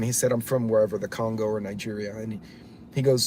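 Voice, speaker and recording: A male livestream host with a dark, mid-range voice talks fairly quickly, rambling bluntly as he reads chat and greets viewers by name. He swears offhand, and there is slight background noise.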